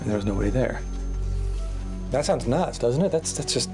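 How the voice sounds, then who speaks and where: An actor playing an anxious young office worker in a 1990s game, talking in a shaken, halting way. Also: male voice, mid-range voice, lively intonation, music in the background, close to an everyday voice. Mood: rattled. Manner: shaken, halting, unsure of himself. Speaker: game character.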